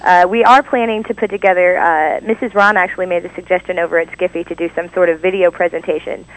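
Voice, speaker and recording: A man's voice: high voice, fairly even intonation, fairly bright tone, rough recording. A man joining a podcast as a guest, chatting casually and agreeably. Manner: agreeable, quick to affirm. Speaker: guest, fan awards organizer. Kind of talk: casual chat.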